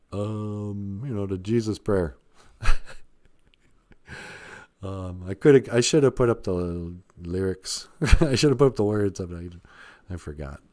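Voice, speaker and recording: Low-voiced guy rambling on a live stream, joking around, lots of ums and laughs. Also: a little mellow. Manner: rambling and jokey, laughs often, hesitant fillers. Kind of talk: casual live-stream chat.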